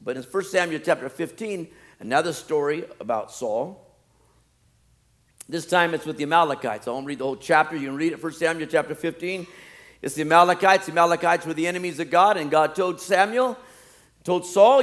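A man delivers a sermon in a slightly high voice. He swings from loud, pleading reenactments of scripture to low, wry asides aimed at the congregation. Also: brisk. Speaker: preacher.

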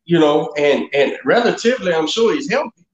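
A man's voice: on the high side, lively intonation, brisk. Profane laid-back man on an echoey mic. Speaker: podcast co-host. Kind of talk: casual chat. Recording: echoey, dull lo-fi sound.

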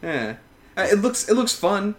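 A man's voice: high voice, very animated, moderate pace, fairly bright tone. A man in casual chat as a podcast co-host, laid-back, laughing often and swearing casually.

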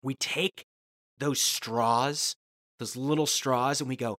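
A man's voice: mid-range voice, steady tone, slow, sharp tone. A man from Ohio co-hosting a comedy podcast, ranting in a profane, sarcastic way. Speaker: podcast co-host. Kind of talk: casual comedic chat.

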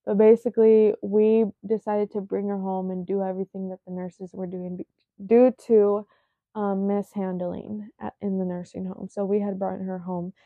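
A young woman recounts a hard personal story in a halting, shaken way, full of "like"s, sometimes sinking to a near-whisper. Her voice sounds narrow and tinny, like a phone line, with no room sound at all. Her pitch sits in the middle for a woman. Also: dry recording. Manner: halting, filler-heavy retelling, often dropping to a near-whisper. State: shaken, emotional.

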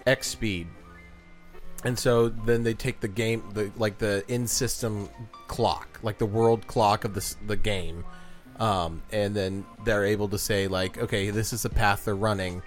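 A man co-hosting a podcast, chatting casually and retelling stories with lively voice impressions. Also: on the low side, unhurried, faint music behind. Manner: animated storyteller, mimics voices in retellings. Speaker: podcast co-host. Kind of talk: casual chat.

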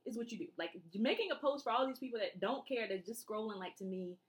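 Co-hosting a casual podcast, a woman with a fairly high voice talks fast and tells stories with animation, acting out the quotes.

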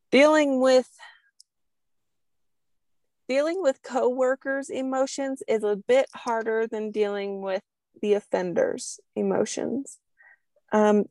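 A woman guest telling stories in a casual interview conversation, lively and quick to laugh. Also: fairly high pitch, no echo. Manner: lively storyteller, laughs often.

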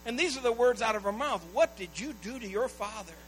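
A middle-aged man pastor preaching a sermon, moving between hushed storytelling and loud, urgent appeals to the congregation. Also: extremely high pitch, expressive, a little fast, soft background music, rough recording.

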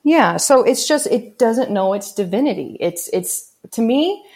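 Low-voiced woman teaching spirituality. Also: darkish tone. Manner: earnest teaching tone, often checks in with "okay" and "right?". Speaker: spiritual healer guest. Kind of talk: conversational podcast interview.

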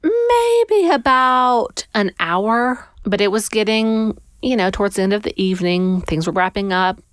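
A woman's voice: medium pitch, a little slow, smooth, dry recording, studio quality. A woman animatedly telling a personal story in conversation, acting out what people said. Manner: animated, acts out people's lines. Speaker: guest storyteller.

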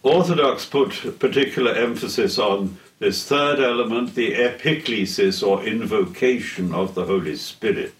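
An older man giving a theology lecture in a deliberate, solemn way, pausing between phrases. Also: fairly low pitch. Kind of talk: slow measured theology lecture. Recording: echoey room, heard from a distance.

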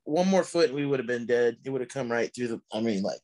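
A male comedian guest telling an animated story in casual chat, swearing freely. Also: medium pitch, fast talker.

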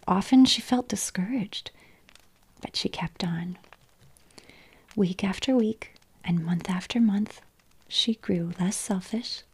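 A woman tells a story in a continuous soft whisper, very breathy and husky. Her tone is dark and mellow, with a gravelly edge at the ends of phrases. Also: mid-range voice. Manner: soft, slow whispered reading.

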